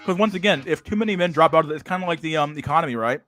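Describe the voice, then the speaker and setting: A man's voice: on the high side, rapid-fire, a bit bright, soft background music. A young man hosting a casual livestream, with profane, slang-heavy talk full of "dude" and "bro" and frequent restarts. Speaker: livestream host.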